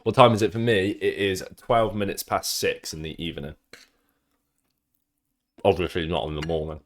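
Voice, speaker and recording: Low-voiced young man chatting to his stream. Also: steady tone, normal speed. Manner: rambling, swears freely, teases chat. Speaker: livestreamer. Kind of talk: casual live-stream chat with viewers.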